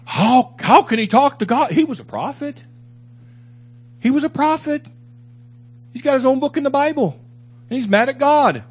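A man's voice: very high-pitched, animated, normal speed, pauses often, husky. A man preaching a sermon as pastor, emphatic and repetitive, with candid asides to his congregation. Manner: emphatic preaching with repeated phrases.

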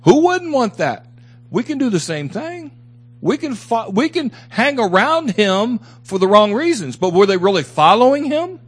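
High, animated preaching man. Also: moderate pace, husky. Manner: emphatic preaching with repeated phrases; candid, confessional asides to the congregation. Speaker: pastor. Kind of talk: sermon.

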